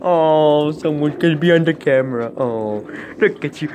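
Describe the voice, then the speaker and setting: Lively young man cooing at a dog. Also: fairly high pitch, moderate pace, few pauses, a little hiss or hum. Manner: playful baby talk to a dog. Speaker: vlogger. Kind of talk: casual vlog chat.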